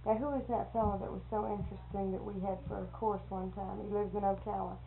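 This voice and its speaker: A woman who is a schoolteacher, telling stories in casual conversation with lively acted-out quotes, on a tinny lo-fi recording. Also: mid-range voice, fast, gravelly. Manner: animated storyteller who acts out quotes. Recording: tinny phone-like lo-fi recording with faint hiss.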